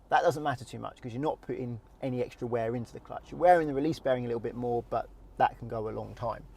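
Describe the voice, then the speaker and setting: A man, a driving instructor calmly explaining step by step while demonstrating from inside a car. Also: mid-range voice, vocal fry.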